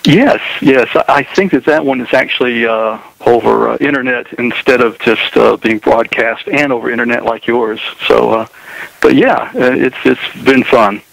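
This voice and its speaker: A man with a Southern US drawl talks about his writing in a radio studio. He pauses and restarts often, filling the gaps with fillers. His voice sits at a middle pitch and sounds dry and close to the mic. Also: vocal fry, fairly bright tone, no room sound, rough recording. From Southern United States. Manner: hesitant, many fillers. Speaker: author and guest. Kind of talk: radio interview.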